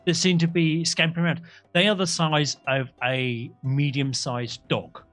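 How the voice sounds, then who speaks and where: A man's voice: a little high, little pitch movement, measured pace, a bit bright, faint music behind. A man narrating a tabletop game as game master, rambling and correcting himself as he goes. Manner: rambling, self-correcting, jokey.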